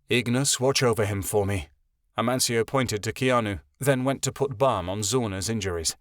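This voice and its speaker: A man narrating a fantasy audiobook in an even storytelling manner. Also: medium pitch, no echo, clean studio sound.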